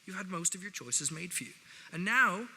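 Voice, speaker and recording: A man's voice: high-pitched, lively intonation, moderate pace, creaky, sharp tone, breathy edge. A man with an Irish accent giving a speech to students, wry and conversational with jokey asides, in a large hall. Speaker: guest speaker. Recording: reverberant hall, faint noise.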